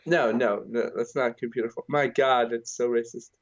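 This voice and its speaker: A man's voice: mid-range voice, steady tone, normal speed, muffled recording. A young man co-hosting a meme podcast, joking crudely and rambling in casual chat over a voice call. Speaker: podcast co-host.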